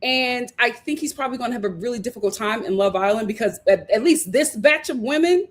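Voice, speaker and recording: Animated woman recapping a show. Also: a little high, quick pace, hardly any pauses. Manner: animated, acts out quotes, laughs often. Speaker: host reviewing a reality show. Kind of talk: casual live show recap.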